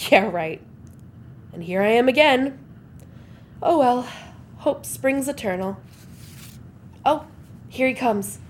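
Woman doing a wry sarcastic monologue, mid-pitched voice, slight hiss behind her. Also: a little mellow. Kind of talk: acted comic monologue.

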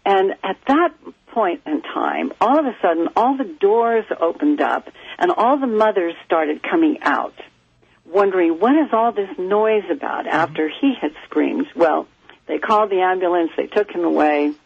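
A psychic guest from California, a woman with a raspy, gravelly, fairly low voice, tells stories during a phone-in radio interview at a moderate pace. The telephone line sounds muffled with no echo, and she's an animated, lively storyteller who acts out quoted voices.

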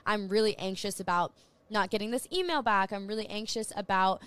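A woman's voice: mid-range voice, brisk, fairly bright tone, clean tone, no echo. A young woman talking earnestly and reflectively in a casual podcast chat, sharing advice.

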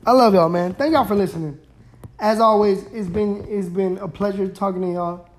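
A man's voice: high voice, moderate pace. A young man hosting his own podcast, chatting casually and rambling in laid-back slang. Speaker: podcast host. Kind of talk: casual solo podcast chat.

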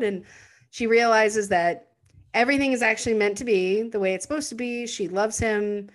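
A woman's voice: medium pitch, expressive, normal speed. A woman casually recapping a film on a podcast, acting out the characters' lines as she goes. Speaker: podcast co-host. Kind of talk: casual movie recap chat.

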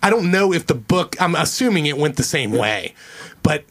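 A man's voice: a little high, big pitch swings, moderate pace, a bit bright. A man co-hosting a podcast in casual chat, rambling and profane, acting out movie lines as he retells them. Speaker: podcast co-host.

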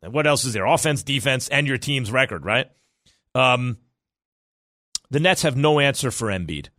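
A man hosting a sports talk radio show, arguing his opinions in a fast, animated, self-correcting way. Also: medium pitch, no room sound, studio quality.

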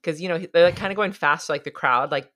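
A woman's voice: low voice, quick pace, fairly bright tone. A woman co-hosting a podcast, telling stories in a casual, chatty way with plenty of filler words. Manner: chatty storyteller, lots of "like" fillers. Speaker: podcast co-host. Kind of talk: casual chat.

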